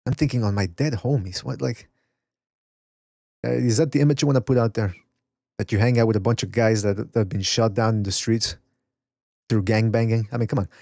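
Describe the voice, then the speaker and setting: A man's voice: fairly low pitch, steady tone, quick pace, gravelly, a little mellow, no room sound, clean studio sound. A man hosting a casual boxing podcast, rambling, swearing and reading chat messages aloud. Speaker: podcast host. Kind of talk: casual live-stream chat.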